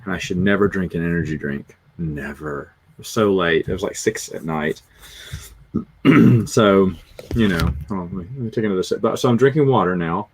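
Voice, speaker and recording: A man's voice: sits low, moderate pace, breathy edge. A middle-aged man with a Southern US accent, chatting casually and rambling through stories on a livestream in a self-deprecating way. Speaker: livestream host. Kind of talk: casual rambling chat, reading comments.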